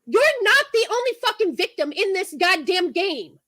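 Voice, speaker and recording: A woman's voice: very high voice, very animated, moderate pace, pushed and bright, no room sound, poor audio. A woman on a livestream, delivering a heated, profane rant and repeating her points.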